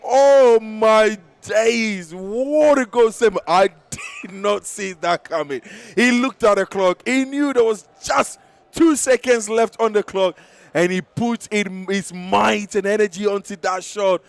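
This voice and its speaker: A man commentating live on a futsal match, excitable, laughing often and losing his voice. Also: sits high, unhurried, vocal fry, no room sound. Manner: excitable, shouting at big moments, laughing often.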